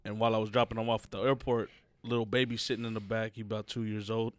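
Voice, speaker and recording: A man co-hosting a casual podcast who tells stories with animation and slips into high mock voices. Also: level tone, fast talker, no room sound. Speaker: podcast co-host. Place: indoor home studio.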